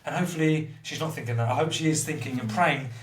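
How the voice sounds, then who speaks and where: Fast-talking blunt man, echoey room. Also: fairly high pitch, recorded from a distance, slight background noise. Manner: blunt, heavy swearing, rambling and emotional. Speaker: interview guest. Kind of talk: candid conversation about addiction recovery.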